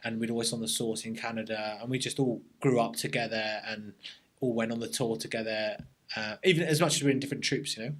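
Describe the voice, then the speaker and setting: An army veteran, appearing as a guest in a laid-back interview, tells a story in a fairly low voice at a quick clip. He's reflective, peppers his speech with army slang, and keeps restarting sentences.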